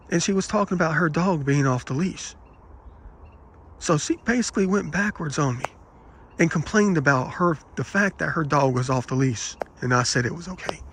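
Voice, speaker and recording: A man vlogging, telling rambling personal anecdotes in an aggrieved, animated way and quoting the people in them. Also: on the high side, a little hiss or hum. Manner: aggrieved, animated retelling with quoted dialogue.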